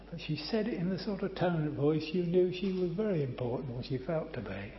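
Older male preacher, slow and emphatic, lively pitch, roomy muffled hall sound. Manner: slow, emphatic, addresses listeners as friend. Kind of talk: sermon. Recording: roomy, slightly dull church recording.

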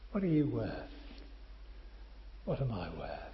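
An older man preaching a sermon, slow and emphatic, calling his listeners friend. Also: medium pitch, huge pitch swings, a little hiss or hum. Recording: roomy, slightly dull church recording.

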